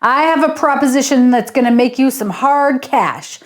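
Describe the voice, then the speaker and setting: A woman's voice: high voice, normal speed, voice pushed up, lightly acted. A woman playing a bossy, bellowing hotel boss man. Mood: boastful. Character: pushy boastful middle-aged male hotel owner. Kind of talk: audiobook character reading.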